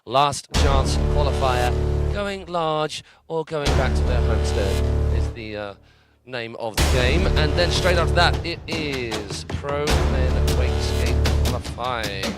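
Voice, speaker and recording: Male live-sports commentator for an outdoor event, talkative and joking, mid-pitched. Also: slow, over loud music. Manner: chatty, joking, filling airtime. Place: outdoor cable park event.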